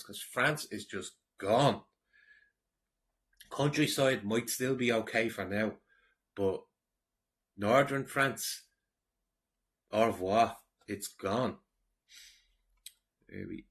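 Irish male vlogger, low-pitched and bright, a rambling, combative commentator. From Ireland. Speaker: online commentator. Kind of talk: casual vlog reading out comments.

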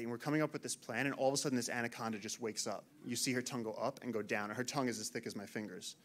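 A man in his thirties from the United States, a naturalist giving an animated storytelling talk to an audience in a lecture hall. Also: mid-range voice, rapid-fire, hardly any pauses. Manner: animated, acts out shouted quotes.

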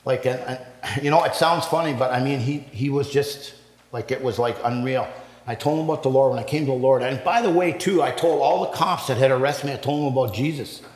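A man's voice: medium pitch, a little fast. An older man from Canada tells his testimony to a men's breakfast. He rambles from story to story, acting out each quote and then swelling into preaching. His voice rings through a roomy church hall with a long, lingering reverb. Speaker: guest speaker giving his testimony.

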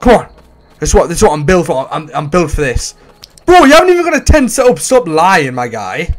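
Sex: man. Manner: excitable, yelping. Pitch: lively. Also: a little fast, a little hiss or hum. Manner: excitable, bursts into shouts and yelps. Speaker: gaming YouTuber. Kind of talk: horror game let's play commentary.

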